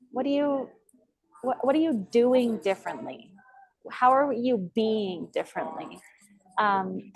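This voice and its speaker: A woman's voice: medium pitch, vocal fry, darkish tone, poor audio. A woman leading a group coaching call, affirming and reflective, asking open questions over a video call.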